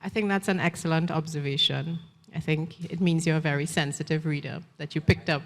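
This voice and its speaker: Trinidadian woman author, lowish voice, measured reading, festival hall reverb. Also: steady tone. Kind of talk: book reading and panel talk. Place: festival stage.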